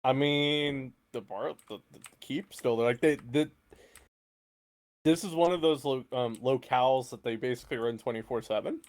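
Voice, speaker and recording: A man's voice: mid-range voice, normal speed. Casual man running a tabletop game. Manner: casual, rambling with fillers and restarts. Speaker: game master.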